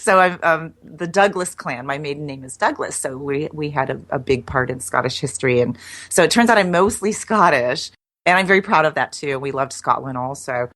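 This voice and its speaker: A woman's voice: sits low, expressive, brisk, fairly bright tone. A middle-aged woman guest chatting casually in an interview, laughing often and restarting her sentences. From United States.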